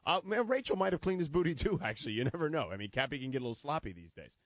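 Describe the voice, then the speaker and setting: A man co-hosting a sports radio show, chatting casually, reading an ad and telling a story with lively acted-out bits. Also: on the high side, very fast, hardly any pauses, no room sound. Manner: animated storyteller, acts out scenes. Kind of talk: casual radio banter and live ad read. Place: radio studio.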